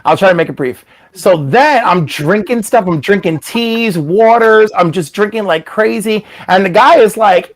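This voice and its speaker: Hosting a casual stream, a high-pitched man tells stories at a moderate pace in a chatty, animated way, performing the voices of the characters involved. It's a rough recording.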